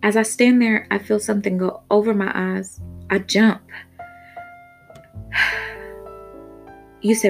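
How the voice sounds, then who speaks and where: A woman's voice: medium pitch, level tone, slow, gravelly, pauses often. A woman hosting a podcast, narrating an erotic first-person story in a candid, casual way and swearing freely. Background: faint guitar music.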